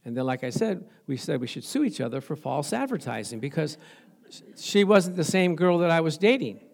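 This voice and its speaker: A man's voice: a little high, sing-song, brisk, gravelly, a little mellow. A middle-aged male pastor preaching a sermon, telling stories with laughter and frequent praise interjections.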